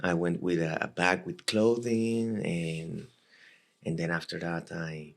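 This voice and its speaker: A man in his thirties from Costa Rica with a Spanish accent, telling a personal story as an interview guest in halting, repetitive speech. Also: low voice, steady tone, gravelly. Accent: Costa Rican Spanish. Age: 30s. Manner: halting, repeats and restarts words often. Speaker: guest, former legionnaire.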